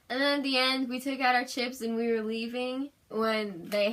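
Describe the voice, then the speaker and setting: A young woman, her voice hoarse from screaming, gushing and giggling as she recaps her day in a casual vlog. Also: a little high, moderate pace, hardly any pauses. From Los Angeles, USA. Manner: gushing, giggly, fan excitement. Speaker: vlogger.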